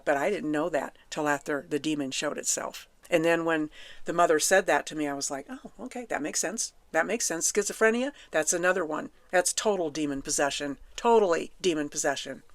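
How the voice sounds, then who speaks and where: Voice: mid-range voice, fairly bright tone, no echo. A podcast host telling personal faith stories in an emphatic way, repeating lines for stress. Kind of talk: personal testimony storytelling.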